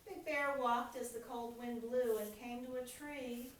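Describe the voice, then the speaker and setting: A middle-aged woman reading a rhyming story aloud to a group of children, with a lively, rhythmic delivery and frequent questions to the kids. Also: on the high side, unhurried, slight background noise. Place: room with children. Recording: echoey room, mic far off.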